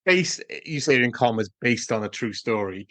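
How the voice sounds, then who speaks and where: A man's voice: mid-range voice, animated, normal speed, a bit bright, no echo. A man co-hosting a casual film podcast, speaking in an easygoing, meandering way with frequent chuckles. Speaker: podcast co-host.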